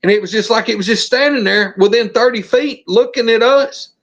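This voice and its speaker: Middle-aged man from Alabama, Southern accent, high-pitched, animated storytelling podcast guest. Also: brisk, muffled recording. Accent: Southern American. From Alabama, USA. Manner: animated, acts out the scenes.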